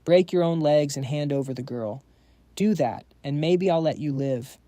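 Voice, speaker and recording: A man's voice: on the high side, normal speed, warm tone, no room sound, natural voice. A man voicing a menacing male gang leader who sneers out threats in a recap story.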